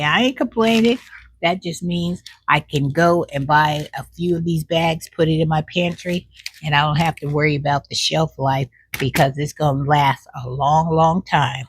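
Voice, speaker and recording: A woman's voice: low voice, a little hiss or hum. A woman doing a snack taste test in a casual, folksy chat, talking while she chews and humming over the food. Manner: talks while chewing, savoring with drawn-out hums; folksy, says "child" as an aside.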